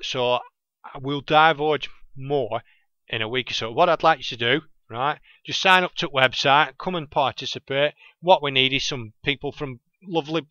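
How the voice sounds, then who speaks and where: A man's voice: mid-range voice, moderate pace, bright, forceful tone, dry recording, highs cut off. A man with a thick Lancashire accent hosting a gaming podcast alone, chatting casually and often losing his train of thought. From England. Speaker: podcast host. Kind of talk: casual rambling monologue.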